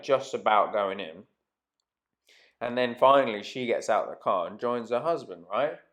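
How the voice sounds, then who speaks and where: A man telling a rambling, casual anecdote to camera, swearing freely and trailing off mid-sentence. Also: on the low side. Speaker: vlogger.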